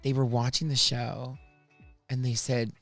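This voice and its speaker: A man hosting a podcast, telling stories from his life in a chatty, animated way. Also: mid-range voice, unhurried, vocal fry, dry recording, faint music behind. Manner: chatty, animated, restarts and laughs often. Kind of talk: casual storytelling chat.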